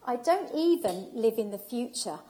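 A woman's voice: fairly high pitch, sing-song, normal speed, mellow. Emotional woman giving a heartfelt talk. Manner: heartfelt, emphatic, repeats for emphasis. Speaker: speaker at an event.

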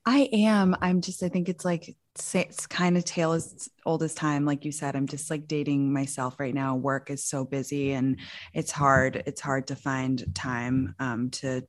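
A woman's voice: a bass voice, fairly even intonation, a little slow. A young woman in her twenties with an American accent, chatting casually as a podcast host and leaning on lots of "like" fillers. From born in the US, grew up in London. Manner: chatty, many "like" fillers and restarts. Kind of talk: casual chat.

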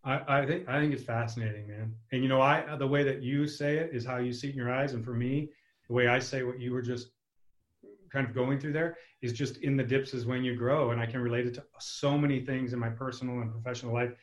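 A man's voice: medium pitch, steady tone, fast, low-quality recording. A man appearing as a podcast guest over a remote call, reflecting earnestly on lessons learned from setbacks. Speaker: podcast guest, business operations expert. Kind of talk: podcast interview.

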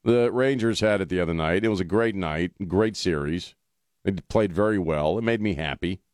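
A man's voice: sits low, moderate pace, a little mellow, no echo, clean studio sound. A man hosting a talk radio show, chatting bluntly and jokingly. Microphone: studio mic.

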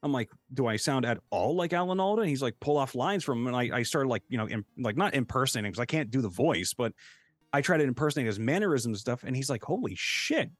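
Animated male streamer, lively voice. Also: medium pitch, fast talker, no room sound. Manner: animated storyteller, jumps into quoted voices; swears freely, laughs often. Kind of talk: casual chat.

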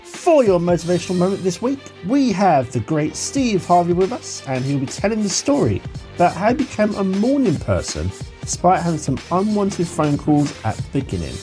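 A woman's voice: lowish voice, sing-song, moderate pace, warm tone, soft background music. A woman hosting a podcast, reading a polite, grateful scripted introduction. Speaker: podcast host.

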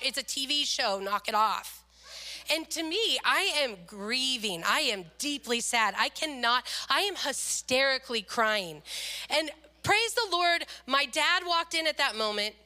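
A middle-aged woman preaching a sermon, telling a personal story in an animated, expressive way. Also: high-pitched.

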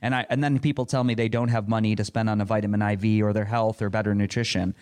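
A man's voice: on the low side, flat delivery, fast talker, a little mellow. A middle-aged man answering a panel question in an earnest, rambling way, with frequent restarts. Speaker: panel speaker.

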